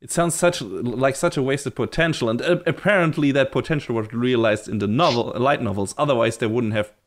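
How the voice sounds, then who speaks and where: A man co-hosting a podcast in casual chat, relaxed and hedging, laughing easily. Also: medium pitch, brisk. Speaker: podcast co-host.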